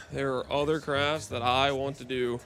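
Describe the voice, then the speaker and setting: A man streaming a game live, chatting casually, answering his chat and clearing his throat often, his voice a bit hoarse. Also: medium pitch, flat delivery, measured pace, a bit bright, a little hiss or hum. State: hoarse-sounding voice.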